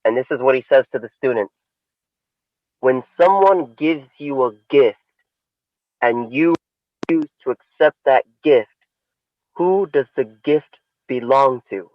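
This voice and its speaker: A man co-hosting a podcast, telling a story in a casual, animated way. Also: unhurried, long pauses, no echo, narrow, tinny audio. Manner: animated storyteller, swings pitch for emphasis. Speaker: podcast co-host.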